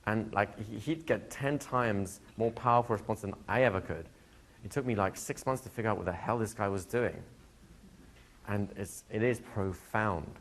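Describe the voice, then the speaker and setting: A man's voice: lowish voice, fairly quick, slight background noise. A man, a hypnosis instructor, answering a student's question in a live workshop, telling stories, laughing and acting out quoted dialogue. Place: training room with students.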